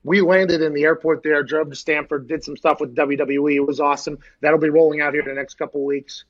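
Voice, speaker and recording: A man hosts a sports talk show with a husky, fairly high voice. He tells rambling, jokey stories and gets loud and excited. The audio sounds a little dull. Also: a little fast. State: short on sleep. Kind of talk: casual sports chat.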